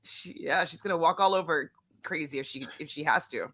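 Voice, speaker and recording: A woman talking as a guest on a casual recap chat, chatty and quick to laugh. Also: low-pitched, fairly bright tone.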